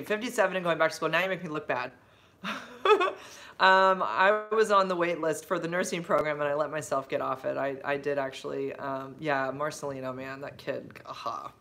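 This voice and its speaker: Chatty rambling woman livestreaming from her phone. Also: low-pitched. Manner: rambling and chatty, full of fillers and side-tracks; effusive, with big bright jumps when excited. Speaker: livestreaming vlogger and substitute teacher. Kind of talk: casual livestream chat, answering viewer comments.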